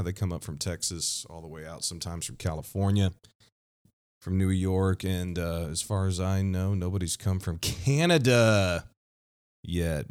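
A man in his thirties, a pastor hosting a podcast, talking unscripted in a candid, rambling way with frequent restarts. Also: low-pitched. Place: Kansas City, USA.

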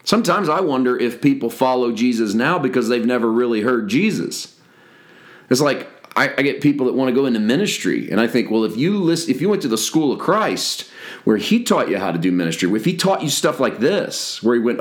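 A man's voice: medium pitch, sing-song, a little fast. A man giving a conversational devotional Bible teaching for a podcast, stopping now and then to correct himself and start over. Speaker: pastor.

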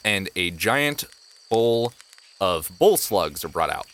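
A man narrating as game master of a tabletop game, in relaxed, playful storytelling. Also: low-pitched, unhurried.

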